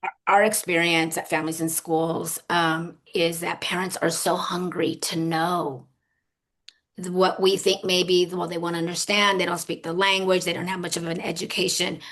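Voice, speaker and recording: Woman, webinar host, low flat voice, conversational, affirming. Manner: conversational, affirming with frequent mm-hmms. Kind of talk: webinar discussion.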